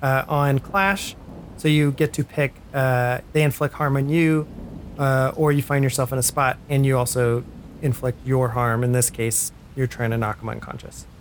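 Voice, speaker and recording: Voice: medium pitch, fairly even intonation, normal speed, a little hiss or hum. A game master narrating a tabletop game in a loose, rambling way with many fillers.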